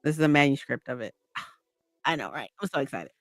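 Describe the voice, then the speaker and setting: A woman's voice: a bass voice, expressive, brisk, no room sound. A woman chatting on a livestream, rambling and gushing with lots of "like" and "right?". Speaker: streamer. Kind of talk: casual livestream chat.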